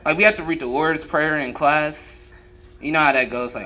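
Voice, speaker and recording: A man's voice: fairly high pitch, normal speed, pushed and bright. A young man performing a profane, crowd-teasing stand-up comedy set on a club stage. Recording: noisy live room recording.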